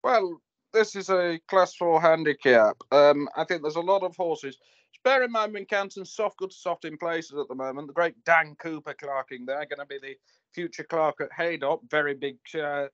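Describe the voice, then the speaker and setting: Rambling racing tipster, slightly high. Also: male voice, a bit bright, no echo, muffled recording. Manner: rambling, digressive, hesitant with fillers. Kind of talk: casual racing chat.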